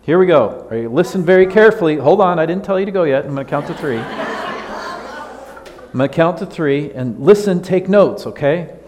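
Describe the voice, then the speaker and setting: A man's voice: a little high, animated, quick pace, hardly any pauses, a little mellow, a faint crowd. A man giving a casual children's sermon in a church, playful and chatty, often asking the kids questions. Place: church sanctuary. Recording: long hall reverb.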